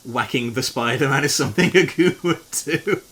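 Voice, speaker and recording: A man's voice: medium pitch, normal speed, a bit bright, slightly rough. A man streaming live, chatting casually with viewers while he plays a game, joking and swearing freely. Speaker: variety streamer.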